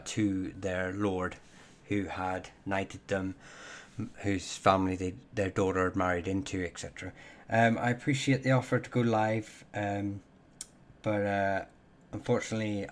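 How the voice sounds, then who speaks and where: A man with a fairly low voice hosts a relaxed live Q&A stream from a home computer mic. He pauses often, fills gaps with ums and uhs, and corrects himself mid-sentence as he answers viewer questions. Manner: hesitant, full of ums and self-corrections. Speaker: livestream host answering viewer questions on Irish surnames. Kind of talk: casual live Q&A chat.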